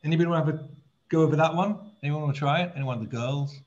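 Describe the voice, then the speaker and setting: A man's voice: on the high side, very fast, darkish tone. A man leading a scripture reading class, chatty and full of repeated words, switching between talk and chanting Hebrew verses over a video call. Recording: dull lo-fi audio.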